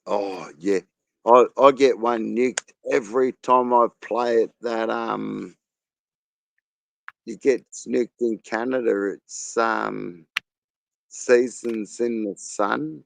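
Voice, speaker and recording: A man's voice: mid-range voice, fairly even intonation, slow pace, vocal fry, a little hiss or hum. A man with an Australian accent hosting a casual live chat, crude and rambling, laughing often. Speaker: live stream host.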